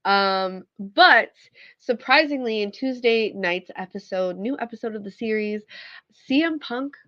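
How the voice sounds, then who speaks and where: A woman hosting a casual news update, chatty and relaxed, with lots of fillers and small laughs. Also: on the high side, unhurried, no echo. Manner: chatty, filler-heavy, with self-aware laughs. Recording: dull lo-fi dry audio.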